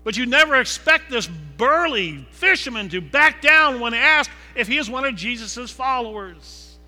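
A man preaching a sermon that retells a scripture story dramatically, moving between loud emphasis and hushed low passages. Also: animated, unhurried. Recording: long reverb with faint music behind.

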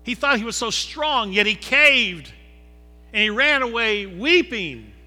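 A man preaching a sermon that retells a scripture story dramatically, moving between loud emphasis and hushed low passages. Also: expressive, unhurried. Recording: long reverb with faint music behind.

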